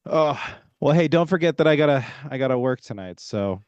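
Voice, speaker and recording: A man's voice: mid-range voice, animated, brisk, darkish tone, clean tone, dry recording, lo-fi sound. A man co-hosting a casual podcast, joking in laid-back banter. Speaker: podcast co-host. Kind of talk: casual chat.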